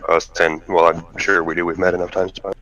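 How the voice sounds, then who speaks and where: Deep-voiced man on a dull lo-fi line. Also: flat delivery, fast, a bit bright. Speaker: player. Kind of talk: casual chat. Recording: dull lo-fi line with faint noise.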